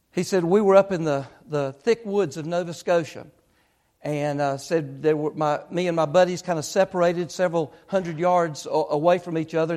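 A man preaching, retelling a story with lots of quoted speech in an earnest, building way. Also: high-pitched. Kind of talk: sermon storytelling.

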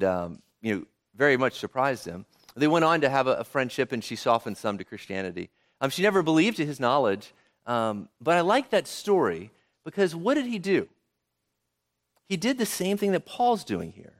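A man's voice: medium pitch, big pitch swings, normal speed. A man preaching a sermon as a pastor, speaking conversationally and often checking in with rhetorical questions.

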